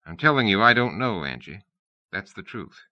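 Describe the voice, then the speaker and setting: A man playing a concerned corporate executive who speaks in a measured, evasive, solicitous way. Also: lowish voice, big pitch swings, no room sound, muffled recording.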